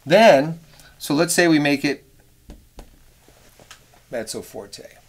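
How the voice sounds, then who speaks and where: A man's voice: on the high side, lively intonation, slow pace. A middle-aged man teaching horn arranging in a casual, rambling way, now and then singing rhythms in scat syllables. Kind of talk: casual instructional talk.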